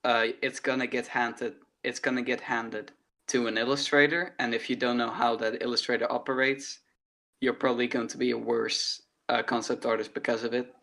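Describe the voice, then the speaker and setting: A man's voice: mid-range voice, flat delivery, normal speed, creaky, fairly bright tone. A man, co-hosting a casual art podcast and explaining ideas with analogies. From Netherlands. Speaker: podcast co-host, artist. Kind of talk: casual chat.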